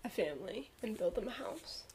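A young woman in a casual chat, enthusiastic and quick to agree, often saying "I know" and "oh my gosh". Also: medium pitch, big pitch swings, a little mellow, a little hiss or hum, poor audio.

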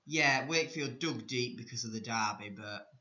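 A man's voice: mid-range voice, moderate pace, sharp tone. A man co-hosting a casual sports chat, talking with wry, teasing humour. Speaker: podcast co-host. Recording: echoey room, dull lo-fi sound.

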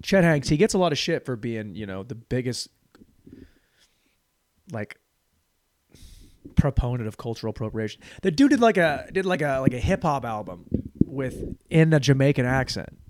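A man's voice: medium pitch, very animated, moderate pace, pauses often, a little mellow, dry recording. A man hosting a podcast and riffing through a crude comedic monologue, rambling and profane. He slips into mock voices along the way.

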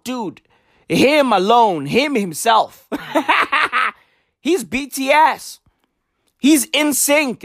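A man with doing a profane, animated comedy rant. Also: very high voice, dry recording, studio quality. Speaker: commentator.

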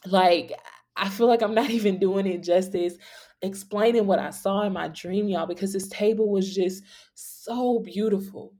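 Young female podcast host, casual faith storytelling, heartfelt and filler-heavy, mellow voice. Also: mid-range voice, steady tone, normal speed. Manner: earnest, many fillers like "like" and "y'all".

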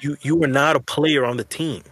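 A man's voice: a little high, fairly even intonation, normal speed, a bit bright, slightly rough, dry recording. Male podcast co-host, rambling slangy storyteller, dry close mic. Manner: rambling, slangy, many restarts. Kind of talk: casual chat.

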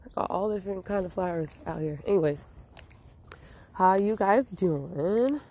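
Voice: mid-range voice, a little slow, dark tone, breathy edge. A vlogger with a stuffy nose from allergies, talking outdoors in a rambling, musing, philosophical way. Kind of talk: casual vlog monologue. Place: outdoors near flowers and a car.

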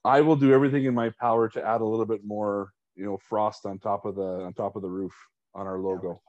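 A man's voice: lowish voice, fairly even intonation, no echo. A man co-hosting a podcast in casual, easygoing banter. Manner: easygoing, lots of quick agreement. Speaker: podcast co-host. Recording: dry, dull lo-fi sound.

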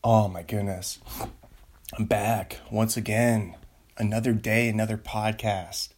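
A man hosting a solo podcast, rambling and excitable, joking around as he talks from his home studio. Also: on the low side, measured pace. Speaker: podcast host.

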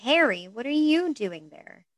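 A woman reading a story aloud and voicing a composed young woman who speaks warmly with a light teasing edge. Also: medium pitch, expressive, normal speed, no room sound.

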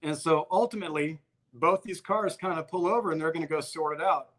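A man with a slightly high voice tells a story in a relaxed conversation. He is blunt and swears freely. He often breaks into the voices of the people in the story. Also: fairly quick. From Albuquerque, New Mexico. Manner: profane, blunt, acts out quoted exchanges.

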